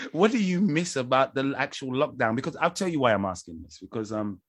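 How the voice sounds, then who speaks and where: A man co-hosting a podcast who talks in loose, rambling bursts. He jokes around and laughs often, with a voice of ordinary middle pitch. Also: lively intonation, fairly quick, breathy edge, no room sound. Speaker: podcast co-host. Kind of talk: casual chat.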